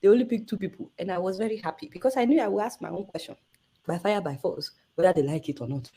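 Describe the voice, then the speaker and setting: A woman in her thirties with a Nigerian accent, a journalist guest telling a story with lively energy and acting out the people she quotes. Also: quick pace, breathy edge. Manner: acts out quoted voices with big pitch jumps. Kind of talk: animated storytelling in conversation.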